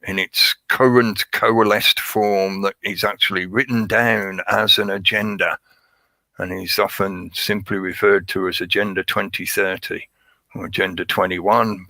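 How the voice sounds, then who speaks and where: Guy rambling on his livestream, bright lowish voice, dry close sound. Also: level tone, measured pace, gravelly, dry recording, rough recording. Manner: rambling, greets chat viewers by name. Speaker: livestream host. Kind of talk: casual livestream monologue.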